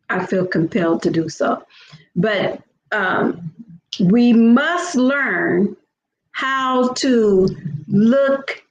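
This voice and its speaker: Woman host, slow and earnest, casual inspirational talk, roomy echo, faint noise behind. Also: a little high. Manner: slow, earnest, conversational with frequent "okay". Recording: echoey room with faint background noise.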